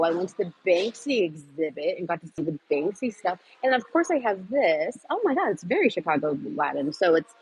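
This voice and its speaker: Her voice is on the low side with a breathy edge as she hosts an easygoing livestream, rambling across topics and responding to viewer comments as she goes. She's scattered, fills space with lots of fillers, and trails off. The recording is rough.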